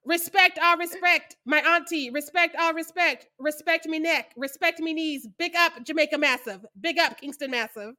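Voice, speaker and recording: A woman's voice: very high voice, sharp tone. A woman mocking a male celebrity's bad put-on Jamaican accent in a podcast impression. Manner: mocking impression, slow drawl.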